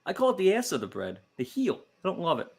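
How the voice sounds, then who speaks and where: A man's voice: sits high, huge pitch swings, quick pace, gravelly, husky. A man co-hosting a casual comedy podcast, rambling through self-deprecating jokes. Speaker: podcast co-host.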